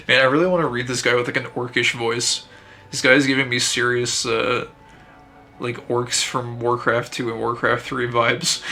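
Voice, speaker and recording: Brief: man streamer, casual wry commentary, bright voice, flat delivery. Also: medium pitch, normal speed. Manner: wry, laughing asides.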